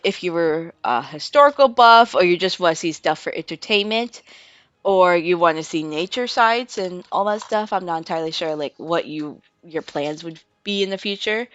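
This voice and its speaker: Casual female streamer from the US, chatty and excitable, dull lo-fi mic audio. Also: on the low side, dry recording. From United States. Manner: chatty, lots of "like" and "um", bursts into excited squeals and laughs with swearing. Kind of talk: casual live-stream chat and trailer reaction.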